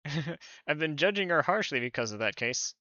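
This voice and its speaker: A man streaming a story game, reading the text aloud and chatting in a soft, hesitant way. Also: fairly high pitch, lively intonation, moderate pace, dry recording, muffled recording. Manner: soft-spoken, hesitant, lots of fillers. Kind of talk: casual game commentary and reading. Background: game music.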